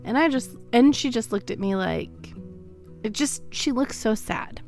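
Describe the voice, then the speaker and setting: A woman's voice: a little high, a little slow, a little mellow, soft background music. A woman co-hosting a podcast, reading listener stories aloud in a casual chat and laughing often. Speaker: podcast co-host.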